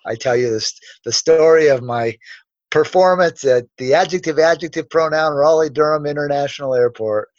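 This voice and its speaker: A man's voice: on the high side, normal speed, no echo. Self-assured, rambling man, lo-fi sound. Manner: rambling, self-assured, many restarts and asides. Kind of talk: casual storytelling in a conversation. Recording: dull, dry, lo-fi sound.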